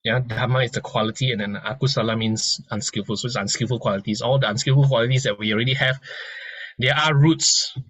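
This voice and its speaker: A man giving a gentle, conversational dharma lesson, explaining ideas through a story and often restarting his sentences. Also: medium pitch, steady tone, fast talker, husky, dry recording, poor audio. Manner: gentle and conversational, many restarts and soft laughs. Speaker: dharma teacher. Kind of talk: informal lecture with analogies.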